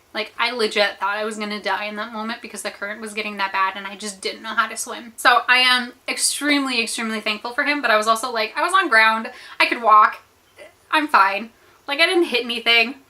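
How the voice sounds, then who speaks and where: American woman, young, bright voice, chatty, animated, storytime vlog. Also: a little high. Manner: animated, chatty, many fillers. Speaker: vlogger. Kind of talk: storytime chat while eating.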